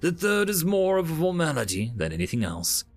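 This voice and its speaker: A man's voice: on the high side, wildly swooping pitch, a little fast, soft background music, pitched above the performer's own voice, exaggerated voice. A man voicing a skeptical, blunt male alien soldier in a story reading.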